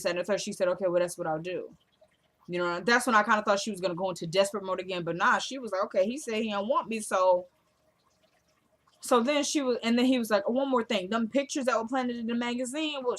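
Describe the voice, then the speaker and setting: A woman chatting casually in a vlog, recapping a TV episode and acting out the characters' lines as she goes. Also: medium pitch. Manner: retells scenes acting out both characters' lines; animated and chatty, addresses viewers as y'all. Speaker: TV show reviewer.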